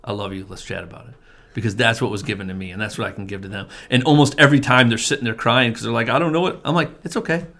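A man's voice: on the low side, rapid-fire, sharp tone. Earnest man telling his testimony. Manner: earnest, repeats words, many restarts. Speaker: family pastor, men's group leader. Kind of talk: casual testimony in conversation.

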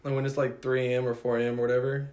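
A man's voice: mid-range voice, flat delivery, rapid-fire, darkish tone. A young man co-hosting a podcast, joking in slang with mumbled asides. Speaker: podcast co-host. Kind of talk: casual chat.

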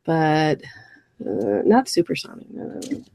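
A woman co-hosting a casual round-table podcast, chatting in a quick, storytelling way full of fillers. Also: low voice, big pitch swings, vocal fry, darkish tone, dry recording, low-quality recording. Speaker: podcast co-host.

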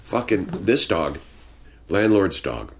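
Deep-voiced man telling profane stories. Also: sing-song, slow, a little hiss or hum. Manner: profane, storytelling, laid-back drawl. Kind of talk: casual chat. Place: home studio with sound blankets.

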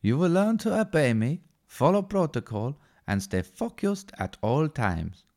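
A man's voice: fairly high pitch, big pitch swings, measured pace, darkish tone, voice pushed up. A man doing an impression of a stern, rule-bound male agent with a heavy foreign accent, speaking in a clipped, commanding way. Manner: clipped, commanding, fussy over his name.

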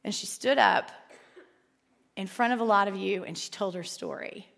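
A woman's voice: mid-range voice, normal speed, gravelly, a bit bright. Earnest woman teaching in an echoing hall. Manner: earnest, playful, with asides to the room. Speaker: Bible study teacher. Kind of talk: Bible lesson with storybook reading. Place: large room with a group. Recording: long hall reverb.

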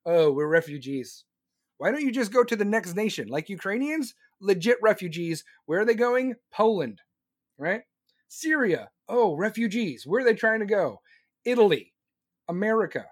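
A man on a live stream ranting loudly and sarcastically about politics, mocking the other side in put-on voices. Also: high voice, lively intonation, normal speed, no room sound, clean studio sound.

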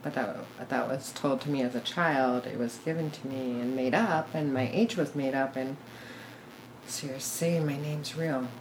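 A woman's voice: very deep voice, steady tone, moderate pace, a little hiss or hum, poor audio. A middle-aged woman telling her story as a podcast guest, candid and blunt, cursing now and then and laughing at herself. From born in Korea, raised in Minnesota. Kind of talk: casual storytelling interview.

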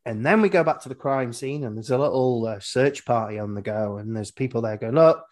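A man's voice: medium pitch, a little fast, darkish tone. A man hosting a podcast, recapping a horror film in rambling, wry casual chat and swearing freely. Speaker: podcast host.

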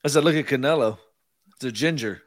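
A man from Texas with a Texan accent, co-hosting a podcast and telling animated anecdotes in casual chat. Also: mid-range voice, quick pace, no echo, studio quality. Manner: animated anecdote teller, acts out quoted lines. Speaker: podcast co-host. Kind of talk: casual storytelling.

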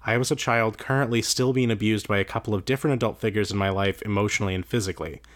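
Wry, joking podcast man. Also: fairly low pitch. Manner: wry, joking, swears casually. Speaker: podcast co-host. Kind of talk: casual chat and reading listener mail.

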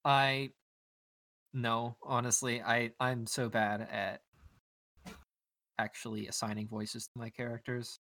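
A man's voice: medium pitch, little pitch movement, slow pace, long pauses, bright, forceful tone, no room sound. A man co-hosting a tabletop podcast, talking casually about doing character voices, swearing and restarting often. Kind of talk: casual chat.

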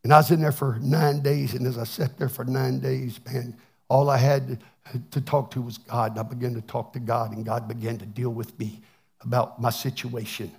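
A man's voice: mid-range voice, level tone, moderate pace, gravelly, darkish tone, slightly rough. A man preaching a plainspoken, folksy testimony sermon, often repeating words as he restarts. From Texas. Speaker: pastor.

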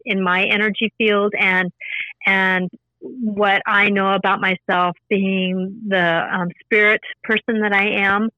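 A woman's voice: medium pitch, pushed and bright, dry recording, highs cut off. A woman talking earnestly in a casual interview, explaining her spiritual practice in a repetitive, teaching way. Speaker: spiritual intuitive guest.

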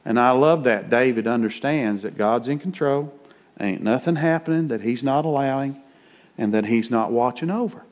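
A man's voice: mid-range voice, normal speed, dull audio. Folksy middle-aged preacher man. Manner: folksy, plain-spoken preaching with rising emphasis. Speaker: pastor. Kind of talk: conversational sermon.

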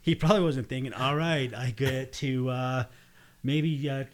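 A man's voice: medium pitch, fairly even intonation, unhurried. A man in a casual comedic chat, chiming in with crude jokes and laughing at his own lines.

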